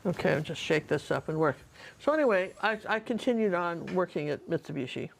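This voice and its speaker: Her voice is on the low side, animated, brisk and gravelly, with a little hiss or hum in the audio. A middle-aged painter and storyteller, she chats digressively about her life while painting, addressing the viewer directly.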